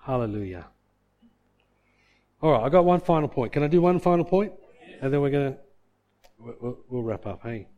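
A man preaching a sermon, telling a story and swinging from loud bursts to hushed tones. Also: mid-range voice, expressive, moderate pace, long pauses, lo-fi sound. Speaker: pastor.

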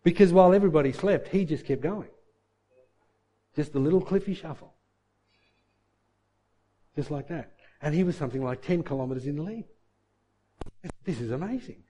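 A man with a fairly high, mellow voice tells a story in a lively, animated way. He slips into the voices of the people in it and sometimes stumbles over repeated words. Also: normal speed, long pauses. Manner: animated, acts out quoted voices, repeats words when excited. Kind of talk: motivational storytelling.

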